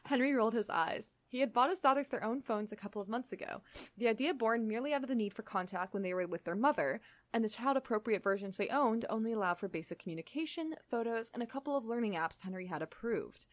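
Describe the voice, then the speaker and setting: A young woman reading a story aloud and chatting in between, talking fast with lots of "like". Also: a little high, expressive, dry recording. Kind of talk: reading fan fiction aloud and casual chat.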